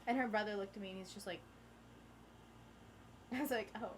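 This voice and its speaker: A woman's voice: mid-range voice, fairly quick, a little hiss or hum. A teenage girl vlogging, telling a story in casual chat and acting out the people in it. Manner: animated, acts out the people in the story.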